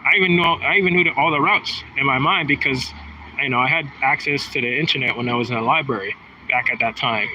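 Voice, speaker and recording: A man in his thirties talks on and on in a casual, aggrieved monologue, circling back and restarting his sentences. His voice is very bright and sharp, at an ordinary pitch, with a faint hiss in the background. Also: fast, highs cut off. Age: 30s. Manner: rambling, aggrieved, many restarts. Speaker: vlogger.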